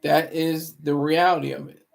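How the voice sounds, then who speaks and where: A man talks through a live stream in a rambling, moralizing way, stopping to restart words as he goes. His voice sits a little high with a gravelly fry underneath. It sounds like a home setup for a casual commentary stream. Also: flat delivery, normal speed. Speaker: livestream commentary host.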